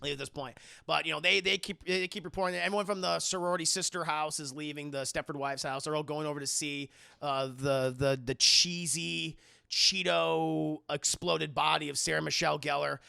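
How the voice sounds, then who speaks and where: A man streaming a casual scene-by-scene film recap to his live chat, animated, profane and laughing often. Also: a little high, moderate pace, creaky, smooth.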